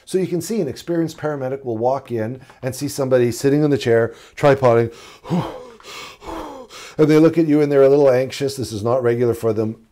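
A middle-aged man gives a paramedic lesson in a mellow, warm voice of middling pitch. He talks conversationally and acts out brief exchanges with patients. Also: fast. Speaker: paramedic instructor. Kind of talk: recorded teaching presentation.

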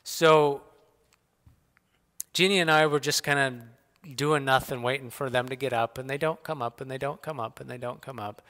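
Middle-aged man, church speaker, animated folksy anecdotes; clear bright voice, long hall reverb. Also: medium pitch, normal speed. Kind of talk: personal storytelling talk. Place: church sanctuary.

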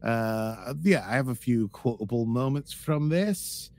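A man's voice: mid-range voice, animated, unhurried, darkish tone. A man co-hosting a podcast in casual chat, rambling and playful, with lots of fillers. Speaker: podcast co-host.

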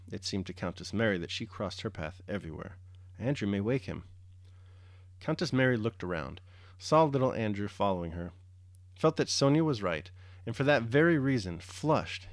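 A man reading a classic novel aloud, calm and measured in his narration. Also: lowish voice, no room sound, studio quality. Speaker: audiobook reader. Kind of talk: scripted literary narration.

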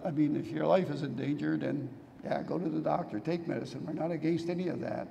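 An older male pastor, hoarse from losing his voice, preaching a sermon with earnest storytelling. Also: a little high, dark tone. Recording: long reverb in a hall, faint noise.

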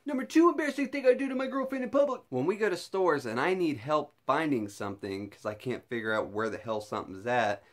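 A man's voice: a little high, animated, fast, hardly any pauses. Laughing young man chatting to camera. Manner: laughs often, puts on silly voices. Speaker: vlogger. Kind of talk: casual vlog chat.

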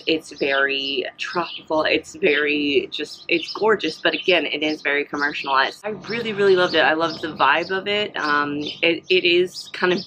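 Young woman, bright voice, casual rambling vlog chat, hiccups, faint background hiss. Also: low-pitched, normal speed, hardly any pauses, poor audio. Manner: rambling, many fillers and restarts. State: has the hiccups. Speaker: vlogger. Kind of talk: casual chatty travel recap.

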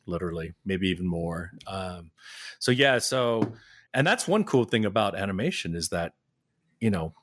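A middle-aged man chatting as a podcast guest, telling lively stories with frequent laughs and restarts. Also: lowish voice. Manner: animated storyteller, laughs often, restarts sentences. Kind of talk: casual interview chat.

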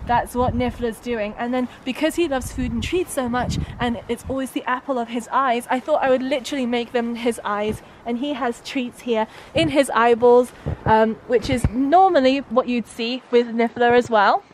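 A woman's voice: on the high side, normal speed, darkish tone, slight background noise, poor audio. Playful woman vlogging in the snow. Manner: playful, giggly, mock-grand. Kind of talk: casual outdoor chat. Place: outdoors in the snow.

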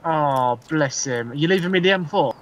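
A chatty man with a fairly high voice, laughing his way through a game. He sits a little back from the mic, with faint game noise behind him. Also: moderate pace. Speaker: gamer. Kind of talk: casual gaming chat.

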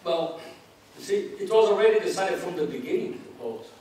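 Male lecturer, mid-range voice, measured academic delivery, heard from a distance in a reverberant hall with faint hiss. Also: high voice, expressive, darkish tone. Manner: measured, reads quotations aloud with spoken asides. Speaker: anthropology lecturer.

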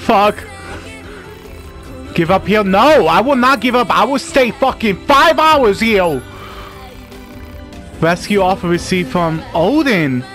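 A man's voice: sits high, big pitch swings, takes it slowly, long pauses, a bit bright, soft background music. A man commenting on his gameplay in a dramatic, emotional, profane way, often talking to himself. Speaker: let's play gamer.

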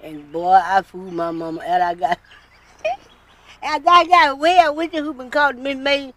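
Slow-talking older woman blues singer. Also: high-pitched, expressive, a bit bright. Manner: slow, earthy storytelling with hearty laughs. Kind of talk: relaxed storytelling.

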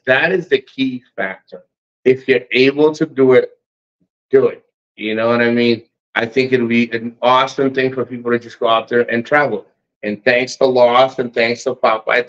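A man hosting a casual livestream, reading chat and giving blunt, profane motivational rants. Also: mid-range voice. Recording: muffled lo-fi stream audio.

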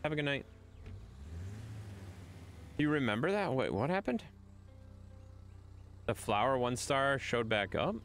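Lively, chatty male livestreamer. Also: mid-range voice, a little slow, pauses often, a little hiss or hum. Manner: chatty, teasing, rambling with restarts. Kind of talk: casual live-stream chat.

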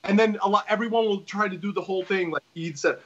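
A man's voice: high-pitched, fast, a bit bright, dull audio, slight background noise. A man talking as a wrestling promoter guest in a casual podcast chat, rambling and emphatic with many restarts.

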